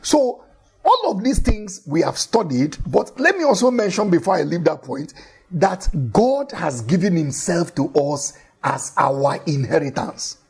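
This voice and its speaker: Very raspy, animated male preacher. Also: high voice, unhurried. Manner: emphatic, repeats key phrases, animated storytelling. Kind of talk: sermon.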